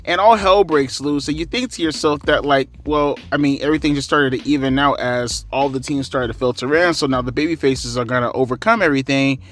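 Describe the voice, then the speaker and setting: A man's voice: mid-range voice, a little fast, hardly any pauses, a bit bright. A man giving a casual, rambling wrestling recap, sarcastic and swearing freely. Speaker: wrestling commentary vlogger.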